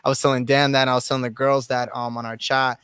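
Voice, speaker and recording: A man's voice: medium pitch, little pitch movement, fast, fairly bright tone, clean tone, no echo. A man hosting a livestream in casual chat, effusively thanking his guests and viewers. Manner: effusive, thanks people repeatedly. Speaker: livestream host.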